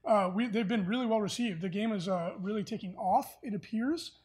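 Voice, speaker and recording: A man's voice: sits high, fairly quick, darkish tone, breathy edge. A man hosting a podcast, talking casually and easily about tabletop gaming news with a lot of filler words. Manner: chatty, easygoing, with frequent filler words. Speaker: podcast host.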